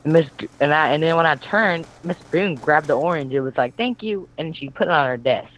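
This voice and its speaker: A man's voice: on the high side, a little fast, a bit bright, poor audio. A teenage boy co-commentating gameplay, telling a school story in a rambling way with many fillers. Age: teens. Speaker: network founder co-commentating gameplay.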